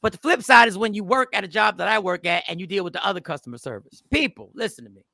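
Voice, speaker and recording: A high-voiced man with a gravelly edge hosts a relaxed live stream. He tells a story and acts out both his side and the customer's side. The sound is dry and close, with no room echo. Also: fast talker. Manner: animated, acts out both sides of customer exchanges; loose, slangy greetings to chat viewers. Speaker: comedian hosting a live stream.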